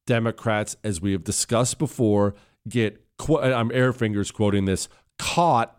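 A man's voice: on the low side, a little slow, smooth. Indignant, emphatic talk radio host, a man. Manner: indignant, emphatic, sarcastic, reads quotes in a raised voice. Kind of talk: opinion talk radio monologue. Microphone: studio microphone.

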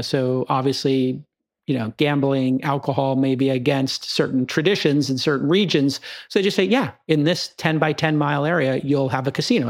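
A man from the United States, hosting a podcast and explaining his views in casual chat, full of examples and asides. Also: mid-range voice. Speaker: podcast host.

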